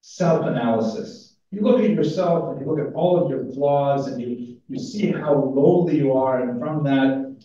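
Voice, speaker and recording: A man's voice: mid-range voice, warm tone. Man lecturing in an echoey hall. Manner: casual, self-interrupting, with fillers. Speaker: conference speaker. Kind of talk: academic lecture with humor. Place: large conference hall. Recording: echoey hall from far off, dull sound.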